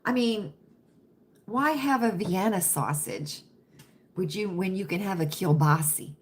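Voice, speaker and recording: A woman's voice: medium pitch, animated, measured pace. A middle-aged woman hosting a casual livestream, chatting with viewers, calling them friends and honey and often asking "right?". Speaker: livestream host. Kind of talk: casual live chat with viewers.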